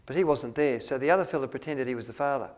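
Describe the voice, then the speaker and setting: A man tells a story to an audience. He rambles, restarts his sentences often and fills pauses with ums. He acts out the lines he quotes. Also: medium pitch. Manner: rambling, with many restarts and fillers, acting out quotes. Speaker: speaker at a health retreat.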